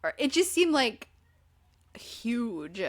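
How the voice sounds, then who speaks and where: Speaking slowly in a high-leaning, very animated voice, a woman hosts a podcast recapping a reality show. Her chatter is loose and filler-heavy, with occasional swearing.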